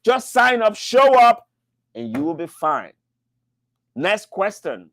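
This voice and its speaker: A man hosting a live business-mentoring show, answering questions with an emphatic, repetitive motivational sales pitch. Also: very animated, takes it slowly, a bit bright, slight background noise.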